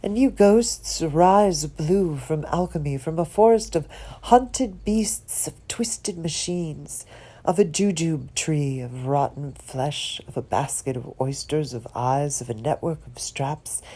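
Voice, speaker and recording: A woman reads poetry slowly and dramatically in a low, mellow voice. She lingers on words and sometimes sinks into a whisper. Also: breathy edge. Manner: expressive, drops some words to a whisper; lingers on and repeats single words. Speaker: poetry reader. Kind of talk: slow dramatic poetry reading.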